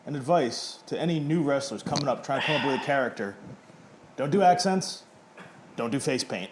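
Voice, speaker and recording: A man's voice: mid-range voice, animated, a little fast, noisy background. A man in his thirties, an independent pro wrestler, chatting casually and self-deprecatingly in an interview. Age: 30s. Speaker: indie pro wrestler guest.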